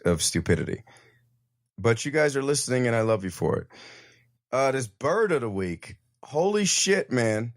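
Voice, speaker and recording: A man's voice: lowish voice, no echo, clean studio sound. A man hosting a casual comedy podcast, rambling and cursing with hyped-up energy. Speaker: podcast host.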